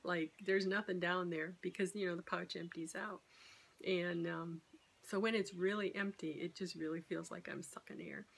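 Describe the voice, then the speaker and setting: A woman's voice: fairly low pitch, fairly even intonation, normal speed, creaky, slightly rough. A middle-aged woman talking candidly and rambling in a casual vlog about her weight-loss surgery. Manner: rambling, candid, self-deprecating.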